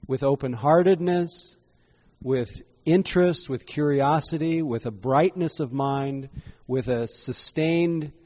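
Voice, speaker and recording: A man teaching meditation in an evening dharma talk, unhurried and reflective, often repeating and rephrasing himself. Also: a little high, darkish tone. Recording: long hall reverb.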